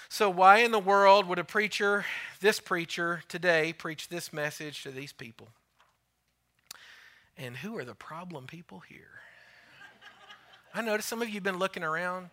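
A male preacher with a rather high, very bright voice delivers a sermon in a church. He speaks slowly and emphatically, repeating key phrases and sometimes sinking almost to a whisper for stress. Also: lively intonation.

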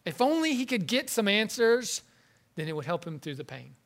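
A man preaching a sermon in an earnest, halting way, often repeating words as he goes. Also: high-pitched, sing-song, fairly bright tone. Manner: earnest, halting, with frequent word repetitions.

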